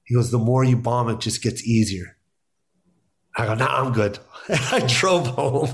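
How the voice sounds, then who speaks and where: A man's voice: mid-range voice, animated, unhurried. A middle-aged man, a stand-up comedian, telling stories in casual podcast talk, acting out quotes and laughing often.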